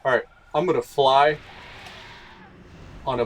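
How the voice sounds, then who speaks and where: A gaming streamer, a man with a slightly husky voice, chatting loosely as he plays. He rambles and thinks aloud in a casual, unhurried way. His pitch sits in an ordinary middle range. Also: dry recording, rough recording. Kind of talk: casual gameplay commentary.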